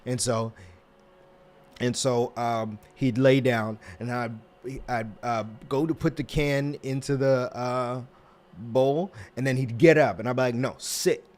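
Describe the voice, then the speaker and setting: A man hosts a laid-back self-help talk, his voice sitting in a plain middle pitch. He rambles through stories with lots of restarts and fillers. He slips into quick put-on voices to act out little scenes. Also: fairly even intonation, darkish tone. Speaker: host.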